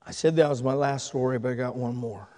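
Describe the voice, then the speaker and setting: A male pastor telling stories in a sermon, swinging from loud, excited shouting to hushed, tender speech. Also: mid-range voice, quick pace, in a large hall. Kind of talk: sermon storytelling. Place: church sanctuary.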